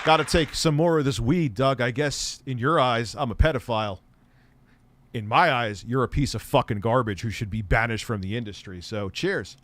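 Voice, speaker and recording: A middle-aged man hosting tech commentary, ranting sarcastically with a lot of swearing, swinging from muttering to shouting. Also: mid-range voice, normal speed, some chatter behind, a little hiss or hum.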